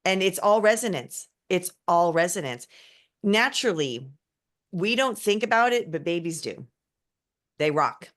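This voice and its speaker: A woman hosting a spiritual conversation, talking in a slow, musing and affectionate way. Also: on the low side, lively intonation. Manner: slow, musing and affectionate, calls people baby. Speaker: host.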